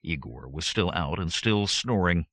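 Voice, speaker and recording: A man narrating a first-person audiobook with wry, lively storytelling on a close studio mic. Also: low-pitched, unhurried, no room sound.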